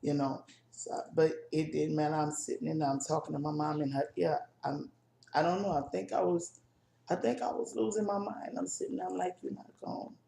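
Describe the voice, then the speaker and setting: A woman co-hosting a casual chat video, telling a personal family story in a halting, emotional way with many restarts. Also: low-pitched, fairly even intonation, vocal fry, warm tone, echoey room, slight background noise. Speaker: co-host.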